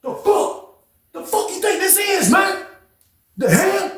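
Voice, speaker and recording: A man voicing a drunk, hot-tempered older man, shouting in a high, angry voice. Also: sing-song, takes it slowly, heavy reverb, exaggerated voice.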